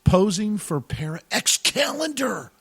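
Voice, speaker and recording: A man co-hosting a loose, joking radio chat, laughing often and tossing in "dude" and "man". His voice sits a little high and sounds dry and close, with no room around it. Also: very animated, unhurried, fairly bright tone, breathy edge, no echo. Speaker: radio show co-host. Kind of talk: casual podcast banter.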